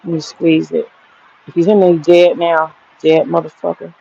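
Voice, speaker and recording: A woman's voice: low-pitched, little pitch movement, normal speed, vocal fry, dark tone, slightly rough, lo-fi sound. Blunt, profane woman ranting from her garden. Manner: blunt, profane, rambling, talks straight to viewers. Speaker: vlogger giving commentary. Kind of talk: casual rant to viewers. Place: outdoor garden.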